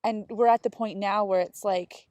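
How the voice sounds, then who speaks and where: A woman's voice: medium pitch, steady tone, moderate pace, a little mellow, no echo, studio quality. A woman co-hosting a podcast, telling stories in casual chat and acting out quotes as she goes. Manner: storytelling with acted quotes and laughter. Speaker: podcast co-host.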